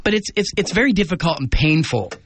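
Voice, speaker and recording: A man hosting a radio interview, speaking earnestly and haltingly, often repeating words as he frames a question. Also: a little high, lively intonation, noisy background. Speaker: radio host.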